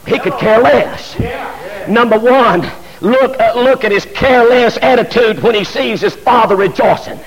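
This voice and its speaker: A middle-aged preacher with an unusually high, ringing voice, working himself up from halting asides to shouted lines. His sermon echoes through a church with a long, lingering reverb that trails after each phrase. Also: lo-fi sound. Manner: impassioned preaching, shouting peaks, repeated fillers. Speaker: pastor.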